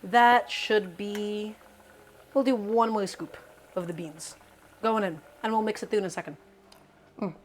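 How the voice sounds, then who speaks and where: A woman's voice: mid-range voice, fairly even intonation, unhurried, pauses often, a little hiss or hum. A woman cooking live in her home kitchen, casually chatting to her viewers in an upbeat, talkative way. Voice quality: chatty, upbeat, talks to the chat directly. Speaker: cooking streamer.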